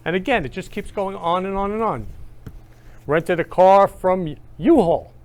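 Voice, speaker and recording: Excited guy hosting his own talk show, gushy and repetitive, gets loud on the big bits. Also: high-pitched, measured pace. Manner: gushing, repetitive, swings up loud on key phrases. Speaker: host. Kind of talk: enthusiastic casual monologue.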